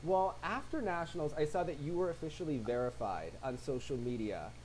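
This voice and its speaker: A woman's voice: deep voice, animated, a little fast, a little mellow, breathy edge, low-quality recording. A woman interviewing a guest with friendly, conversational questions.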